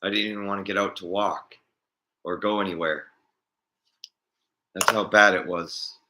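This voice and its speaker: A man's voice: deep voice, fairly even intonation, moderate pace, background noise. A man vlogging in a casual, rambling chat, often chuckling as he talks.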